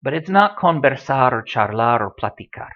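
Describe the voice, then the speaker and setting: Man as a relaxed, joking language tutor, lively pitch, dull lo-fi computer mic. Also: moderate pace. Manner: relaxed, chatty, with dry joking asides. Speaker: Spanish teacher. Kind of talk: recorded language lesson. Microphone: computer microphone.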